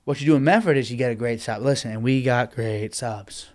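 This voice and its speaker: Young man, solo podcast host; rambling, profane, animated rant at a middle pitch. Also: fairly quick. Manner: rambling, swears often, animated complaining.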